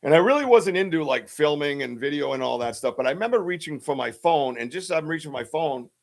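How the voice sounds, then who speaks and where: With a fairly high, expressive and creaky voice, a podcast host talks fast as he casually rambles through a story on a live stream. Fillers and restarts come up constantly.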